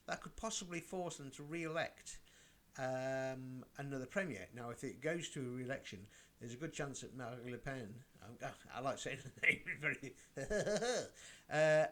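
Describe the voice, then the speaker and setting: A man's voice: mid-range voice, fairly bright tone. Rambling, chatty man. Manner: rambling, chatty, self-interrupting with many fillers. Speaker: vlogger. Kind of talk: casual ranting commentary.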